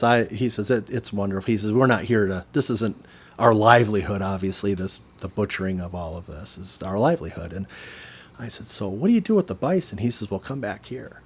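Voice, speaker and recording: A man, co-hosting a podcast and telling a story in a casual, animated way, acting out the voices of the people in it. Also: on the low side, brisk, breathy edge. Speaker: podcast co-host.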